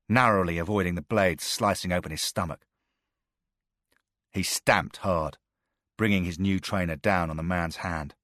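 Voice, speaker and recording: A man narrating a thriller audiobook in a steady, measured manner. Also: deep voice, no echo, studio quality.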